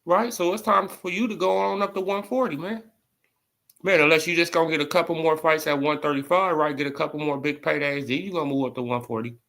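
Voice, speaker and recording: A man's voice: a little high, fairly even intonation, quick pace, gravelly, fairly bright tone. A man giving casual boxing commentary in an emphatic, repetitive, slangy way.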